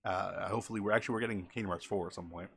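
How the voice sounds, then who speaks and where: A man's voice: deep voice, steady tone, rapid-fire, gravelly, slightly rough. A man chatting casually as a game streamer, rambling and often correcting himself mid-sentence.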